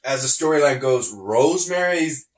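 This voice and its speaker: This podcast host has a mid-range voice and a moderate pace, recorded with a roomy sound. Reviewing wrestling in relaxed conversation, he laughs frequently and performs the quotes in his lively retellings.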